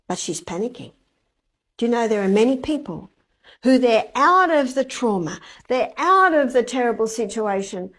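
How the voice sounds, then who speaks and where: A woman's voice: high voice, lively intonation, moderate pace. A woman giving a health lecture to a live audience, telling a story and asking the audience rhetorical questions. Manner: acts out quoted dialogue.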